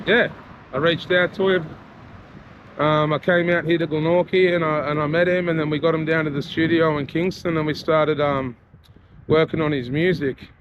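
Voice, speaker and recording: A man's voice: on the high side, muffled recording. A man with an Australian accent chatting casually while walking around his area, sincere and loose, leaning on lots of "you know". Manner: relaxed, heartfelt, filler-heavy with frequent "you know". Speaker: vlogger and rapper. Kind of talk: casual walk-and-talk vlog. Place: outdoors in a town street and mall. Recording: noisy outdoor street recording.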